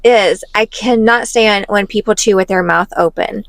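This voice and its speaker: A middle-aged mother co-hosting a casual podcast, exhausted, chatty and quick to laugh, talking to listeners as y'all. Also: medium pitch, vocal fry, background noise. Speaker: podcast co-host.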